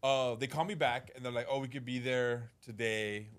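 A man's voice: mid-range voice, fairly even intonation, moderate pace, clear, resonant tone. A man co-hosting a casual podcast who tells stories with acted-out quotes, swears freely and laughs often. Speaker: podcast co-host.

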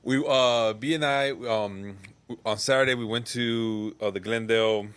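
A man's voice: medium pitch, steady tone, unhurried, fairly bright tone, clean tone. A man on a casual podcast chat, telling a story animatedly with plenty of swearing. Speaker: podcast co-host.

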